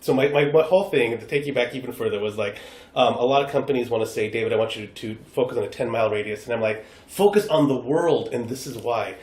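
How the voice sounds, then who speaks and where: Speaking quickly in a mid-range voice, this American man is a guest improv performer on a podcast. He's animated and casual, performing the quoted voices in his stories, and the room gives the audio an echo.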